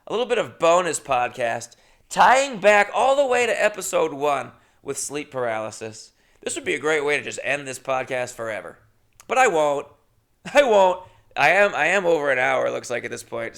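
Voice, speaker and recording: A man's voice: a little high, animated, normal speed, vocal fry, a bit bright. A man, a comedian hosting his own podcast, telling a long rambling story in a profane, self-deprecating way.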